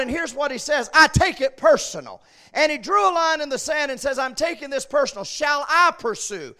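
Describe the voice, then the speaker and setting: A man preaching a sermon, swinging between shouted peaks and quiet asides. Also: very high-pitched, animated, moderate pace.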